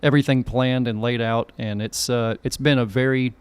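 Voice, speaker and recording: A man's voice: medium pitch, fairly even intonation, moderate pace, clean tone, no room sound. A middle-aged man hosting a podcast, chatting casually and rambling a little with restarts. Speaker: podcast host. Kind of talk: casual chat.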